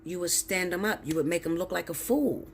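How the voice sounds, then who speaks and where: A woman's voice: fairly low pitch, brisk, a little hiss or hum. A woman tarot reader ranting straight to her viewers, blunt, preachy and heavy with swearing. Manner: blunt, profane, emphatic, preachy. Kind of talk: ranting direct-to-camera monologue.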